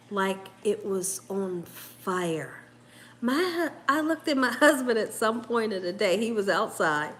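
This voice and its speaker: A woman hosting a live cooking stream in a casual, chatty way, laughing often and reading viewer comments aloud. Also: a little high. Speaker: cooking show host.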